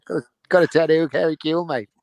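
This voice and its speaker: A man co-hosting a casual podcast. He tosses out crude jokes and laughs at his own lines. His voice sits fairly high. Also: fairly even intonation, fast, creaky, darkish tone, dry recording. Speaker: podcast co-host.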